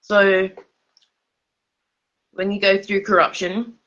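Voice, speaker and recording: A woman's voice: medium pitch, flat delivery, slow pace, a bit bright, lo-fi sound. A tipsy woman with an Australian accent rambling casually on a livestream, loose and repetitive, laughing mid-sentence. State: drunk, slurring.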